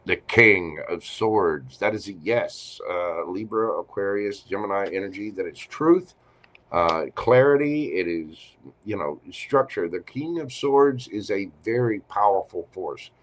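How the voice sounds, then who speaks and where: A man with a fairly low voice reads tarot cards on a live stream. He talks in a loose, chatty way, turning to the viewer often. His delivery is expressive and conversational. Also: a little slow. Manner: chatty, expressive, speaks straight to the listener. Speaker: tarot reader.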